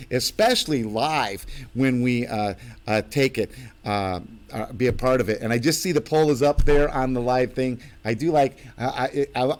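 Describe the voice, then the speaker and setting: A man hosts his own live stream in a loose, chatty way. He wanders through his stories, stopping and restarting often, at a middle pitch. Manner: rambling, full of fillers and restarts. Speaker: host of his own channel. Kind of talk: live-stream casual chat.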